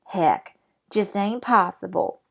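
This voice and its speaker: A woman voicing a tiny, bewildered cowboy man who talks in a slow, folksy drawl. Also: mid-range voice, vocal fry.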